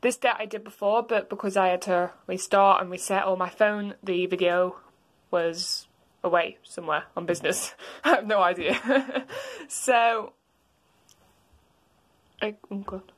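Slow-talking giggly woman doing a toy dare. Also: medium pitch, animated. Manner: giggly, apologetic. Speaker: video creator. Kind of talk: casual chat, acting out a dare with plush toys.

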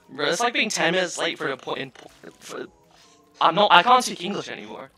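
A man's voice: on the high side, brisk, breathy edge. A young man streaming a team game, chatting casually, swearing and cheering his team on. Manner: excitable, swears, cheers loudly. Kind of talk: casual gaming chat with callouts.

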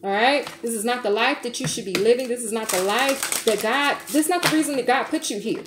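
A woman's voice: fairly high pitch, a little fast, echoey room, background noise. A woman giving a tarot reading to her listeners, coaxing and emphatic, calling them baby and honey. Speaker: tarot reader.

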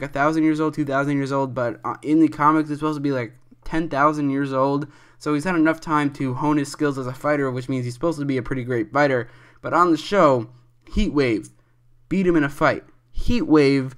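A man's voice: on the high side, clear, resonant tone. Young man giving rambling opinions. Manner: rambling, restarts often, opinionated. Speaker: commentary video host. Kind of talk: unscripted opinion commentary.

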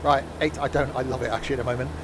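A man's voice: mid-range voice, fairly even intonation, racing, background noise. A man casually commentating a train simulator game live, joking and teasing his chat. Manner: joking, chatty, teasing viewers. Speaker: streamer playing a train simulator.

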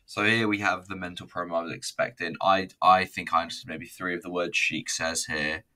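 A man's voice: low-pitched, level tone, fairly quick, sharp tone, rough recording. A man giving a casual, rambling, sweary running review while he watches a video.

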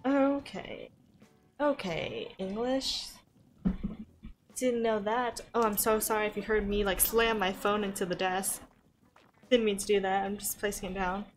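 A woman's voice: mid-range voice, fairly even intonation, measured pace, pauses often, faint music behind. A young woman with an American accent chatting casually on a live game stream, thinking aloud with frequent gasps and laughs, into a desk microphone. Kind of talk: casual live-stream chat while gaming.

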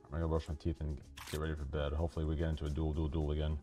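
A man's voice: very deep voice, monotone, racing, dark tone, faint music behind. Foul-mouthed ranting man in his thirties. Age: 30s. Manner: profane, combative ranting. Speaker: livestreamer. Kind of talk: heated livestream rant.

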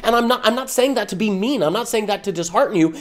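A man's voice: high-pitched, fast. A man giving a fired-up, emphatic motivational talk to camera as an online business coach, full of rhetorical questions.

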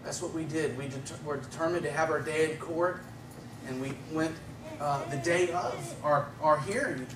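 At church, a guest gives a personal testimony: a man whose voice sits a bit high, talking at a moderate pace in an easygoing, conversational way, punctuated by little chuckles. The sound is far-off and reverberant, with noticeable background noise.

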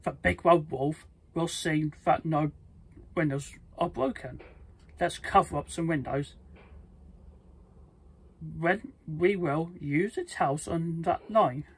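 Storybook read-aloud: a reader doing a sensible, helpful pig, breathy, slow. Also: mid-range voice. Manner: slow, plain storybook reading with restarts. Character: sensible male pig, problem solver.

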